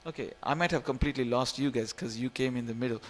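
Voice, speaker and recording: Speaking quickly at a medium pitch, this man in his forties, who comes from India, runs a lighthearted scripture session in a temple hall. He says phrases over again and gently cajoles the people listening.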